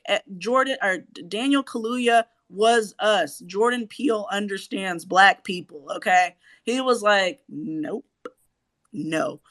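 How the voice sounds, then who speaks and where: A woman co-hosting a podcast in casual chat, animated and cursing, acting out her own reactions. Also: fairly low pitch. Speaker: podcast co-host.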